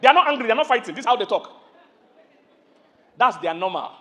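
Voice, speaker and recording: A middle-aged Nigerian man preaches with a high, lively voice. He tells animated stories, calls questions out to his listeners and acts out loud voices as he goes. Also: fast. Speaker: pastor. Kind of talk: sermon.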